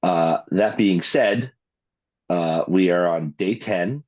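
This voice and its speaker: A man's voice: low voice, takes it slowly, a little mellow. A man in his thirties co-hosting a podcast, laid-back and wry, rambling in casual banter. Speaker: podcast co-host. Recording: muffled lo-fi recording.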